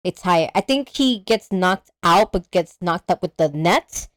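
Animated woman retelling a movie. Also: lowish voice, measured pace, no room sound. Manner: animated storyteller, acts out characters, swears freely. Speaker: podcast co-host. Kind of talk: casual movie recap chat.

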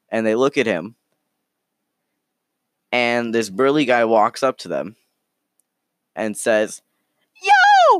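Rambling, smooth-voiced male storyteller. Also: on the low side. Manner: rambling, halting, full of restarts. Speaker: storyteller, podcast host. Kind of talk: casual improvised storytelling.

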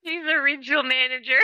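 A woman's voice: high-pitched, no room sound, lo-fi sound. A woman co-hosting a casual chat podcast, rambling with lots of fillers, laughing often and swearing freely. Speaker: podcast co-host.

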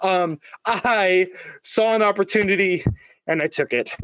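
A man with a slightly raised voice chats casually as a podcast co-host. He talks in halting bursts with plenty of restarts and fillers. The sound is dry and close. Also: high voice, a bit bright, smooth, no room sound. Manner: halting, many restarts and fillers, laughs often. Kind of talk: casual chat about movie casting.

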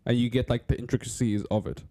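A young man, chatting casually in an animated, laughing way as a podcast co-host. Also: medium pitch, quick pace, dry recording, studio quality. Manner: animated, laughing, breaks into voices. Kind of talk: casual chat.

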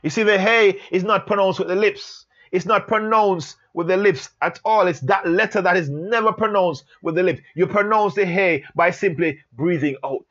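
Man, high-pitched, Bible lesson, emphatic repetition, muffled lo-fi recording. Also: fairly bright tone. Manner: slow, emphatic, repeats phrases for stress. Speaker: Bible teacher. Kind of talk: Bible letter study lesson.

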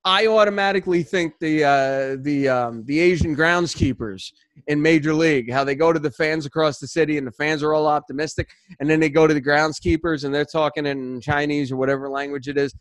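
A man hosting a sports podcast, chatting casually in an animated, rambling way full of restarts. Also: a little high, fairly quick, dry recording. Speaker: podcast host.

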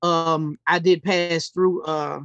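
A man's voice: on the high side, flat delivery, slow pace, a bit bright, no room sound, muffled recording. A man co-hosting a podcast, chatting casually and joking, rambling with fillers. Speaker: podcast co-host. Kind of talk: casual chat. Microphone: podcast mic.

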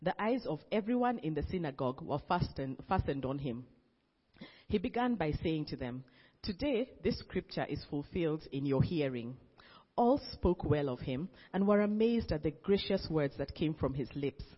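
A man's voice: on the high side, expressive, moderate pace, breathy edge. A man reading scripture aloud in a plain manner, often stumbling and restarting a phrase. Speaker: scripture reader. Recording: dull, reverberant recording.

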